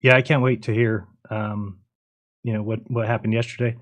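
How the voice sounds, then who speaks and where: A man's voice: fairly low pitch, level tone, normal speed. A man hosting a memorial livestream, speaking in a subdued, hesitant way while sorting out guests and tech. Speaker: show host.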